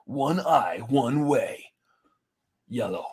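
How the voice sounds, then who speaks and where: A man's voice: medium pitch, expressive, very slow, a little mellow, breathy edge. A man hosting a movie podcast in casual, rambling chat, laughing often. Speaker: podcast host.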